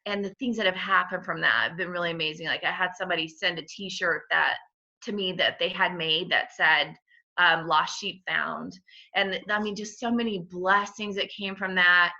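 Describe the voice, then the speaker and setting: A woman's voice: lowish voice, steady tone, normal speed, bright, forceful tone. A middle-aged woman as a podcast guest, candidly sharing a personal faith testimony, heartfelt and laughing through emotion. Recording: dull lo-fi sound.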